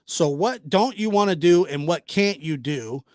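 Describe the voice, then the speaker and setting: A man delivers sarcastic commentary, slow and deliberate with plenty of pauses. His tone is exasperated and mock apologetic. The sound is dry and close, with no room echo. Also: a little high, lively intonation, a little mellow. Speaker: channel host, commentator.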